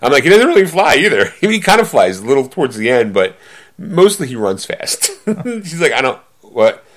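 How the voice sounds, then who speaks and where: A man's voice: medium pitch, sing-song, brisk, a bit bright. A man co-hosting a podcast, chatting casually, rambling with many fillers and breaking into laughter often. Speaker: podcast co-host. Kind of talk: casual chat.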